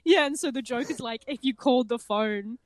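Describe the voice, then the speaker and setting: A woman co-hosting a tabletop game podcast in casual chat, animated and laughing often. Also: on the high side, a little fast. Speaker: podcast co-host and game master.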